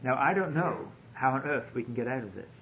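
A man's voice: mid-range voice, expressive, brisk, fairly bright tone, a little hiss or hum. A man preaching a sermon, telling a story and acting out the quoted pleas, on a dull lo-fi radio broadcast.

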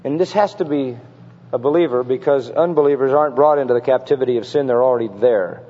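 A man's voice: mid-range voice, fast, warm tone. A man preaching a sermon, firing rhetorical questions and reading scripture with mounting fervor. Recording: reverberant, dull lo-fi sermon recording.

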